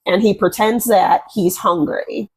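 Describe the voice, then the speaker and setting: A woman hosts a relaxed conversation about faith and speaks at a slow, unhurried pace. She tells stories earnestly and often pauses on fillers. Her pitch sits in an ordinary middle range. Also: husky. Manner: earnest, storytelling, many fillers. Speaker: host. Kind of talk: casual interview chat.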